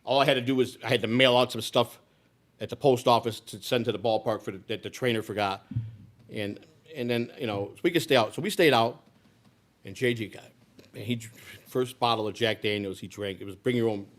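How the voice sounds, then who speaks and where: An older man in his sixties gives a live speech, telling a personal story in a loose, rambling way. He restarts and repeats himself often, in a middle-pitched voice. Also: brisk. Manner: rambling, with many restarts and repetitions. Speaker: political candidate.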